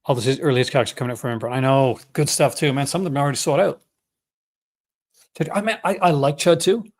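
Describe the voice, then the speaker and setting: A man's voice: medium pitch, fast. A man hosting a casual livestream, rambling enthusiastically and often correcting himself mid-sentence. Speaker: host.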